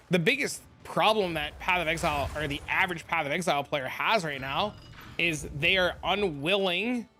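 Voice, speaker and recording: A man streaming live, chatting and ranting casually to his viewers while reading their comments aloud. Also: on the high side. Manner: animated, ranting, reads chat aloud.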